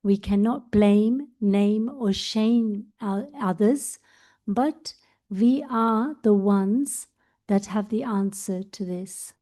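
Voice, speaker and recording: A woman meditation teacher gives a spiritual talk at an unhurried, slow pace. Her voice is mellow and dark, and she tells stories gently, slipping into the voices of her characters. Her pitch sits in a middle range.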